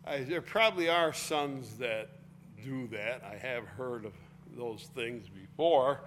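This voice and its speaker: A man's voice: mid-range voice, takes it slowly, a bit bright. Guy giving a laid-back bible lesson, just talking it through, faint hum behind. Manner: casual explaining, reading scripture aloud with force. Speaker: Bible teacher.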